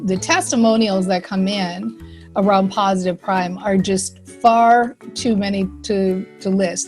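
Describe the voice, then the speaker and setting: A woman giving an upbeat, chatty self-help presentation to a live online audience, full of "like" and quick asides. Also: medium pitch, a little mellow. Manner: upbeat, chatty, lots of fillers and likes.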